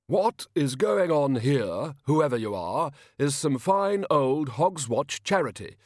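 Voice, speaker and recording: A man voicing an indignant old king who demands answers in a loud, high, pompous voice. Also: big pitch swings, takes it slowly, no echo, studio quality, heavily acted. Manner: pompous, outraged. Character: indignant old king drawing himself up regally.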